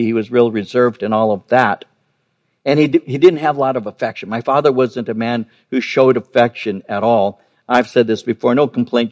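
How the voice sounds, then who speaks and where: An older male pastor delivering a sermon in an earnest storytelling voice. He repeats words for emphasis and slows down on the phrases he wants to land, at an ordinary middle pitch. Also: darkish tone. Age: 50s or older.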